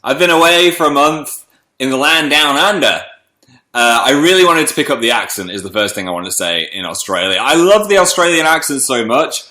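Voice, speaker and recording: A man's voice: medium pitch, animated, brisk, bright, forceful tone, echoey room. A young man casually chatting on a livestream, greeting viewers by name, a little congested from a cold. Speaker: livestream host.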